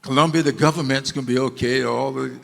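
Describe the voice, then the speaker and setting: A man's voice: medium pitch, steady tone, fast talker, gravelly, fairly bright tone. A man giving an emphatic public speech to an audience, repeating key phrases for stress. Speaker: speaker addressing an audience. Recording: long reverb of a hall.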